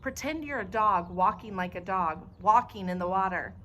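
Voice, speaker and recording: A woman's voice: medium pitch, moderate pace, pushed and bright, slight background noise, lightly acted. A woman voicing a brave young girl who talks urgently and firmly, in a storybook reading. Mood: reassuring. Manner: urgent, commanding, raised voice.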